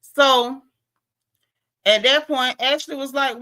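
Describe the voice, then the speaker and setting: A woman's voice: a little high, normal speed, fairly bright tone. A woman recapping a reality show in casual, gossipy chat, acting out what the cast said.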